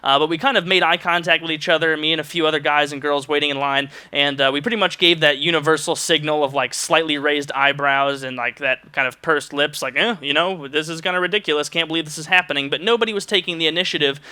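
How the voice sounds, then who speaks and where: A man tells a story to camera in an exasperated, ranting way, acting out the lines he quotes. His voice is sharply bright and tense, smooth and crisp, sitting a little higher than most men's. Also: fairly even intonation, quick pace, hardly any pauses. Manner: says he can come off as curt. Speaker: vlogger telling a personal story. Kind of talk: storytime monologue.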